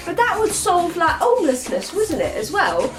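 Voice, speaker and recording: A woman's voice: very high-pitched, huge pitch swings, moderate pace, over music, voice pushed up, exaggerated voice. A woman playing a cocky, rambling young woman who says "mate" constantly in a comedy monologue. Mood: brash. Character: cocky young woman, slangy, chatty, full of herself.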